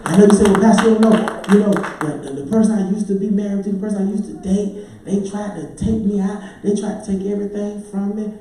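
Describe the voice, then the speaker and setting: A man, a pastor, preaching a sermon with lively voices for his congregants, breaking into shouts and sung phrases. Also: high-pitched, fast talker, hardly any pauses, slight background noise. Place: church sanctuary. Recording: echoey church heard from far off.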